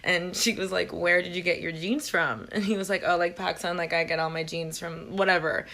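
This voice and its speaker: Young woman, lowish but bright voice, quick and giggly comic storyteller. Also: fairly even intonation. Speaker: TikTok storyteller.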